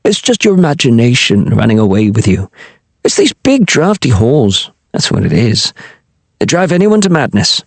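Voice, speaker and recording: A man's voice: medium pitch, wildly swooping pitch, normal speed, no echo. A man voicing a roguish older pirate who talks breezily and teasingly. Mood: breezy. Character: roguish, swaggering older male pirate charmer.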